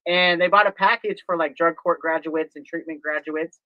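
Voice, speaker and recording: A man's voice: on the high side, moderate pace, no echo, highs cut off. A man chatting casually on a stream, telling stories with animation and acting out his phone calls. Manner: animated storyteller, acts out phone calls, laughs easily. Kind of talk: casual chat.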